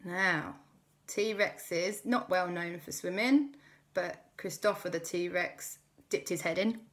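A woman's voice: lowish voice, slow. A woman host telling a playful, improvised children's story. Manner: playful, lively, many character voices.

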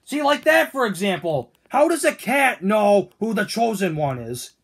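A man's voice: high voice, very animated, normal speed, creaky, husky, exaggerated voice. A man voicing Toad as a grumpy, whiny male figure in a fan-made cartoon, ranting with indignant questions.

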